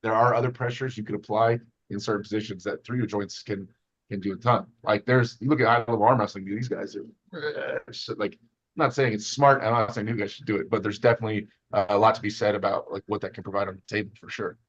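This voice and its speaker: Guy rambling fast about training, animated and jokey, kinda muffled lo-fi audio. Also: lowish voice. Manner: rambling, animated, sarcastic jokes. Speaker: host, armwrestling team member. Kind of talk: casual chat. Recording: dull lo-fi sound.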